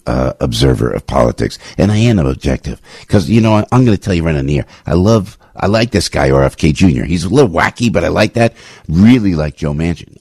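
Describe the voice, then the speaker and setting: A man hosting a political talk radio show, talking in an animated, emphatic, repetitive way. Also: low-pitched, gravelly, slightly rough, no echo, studio quality.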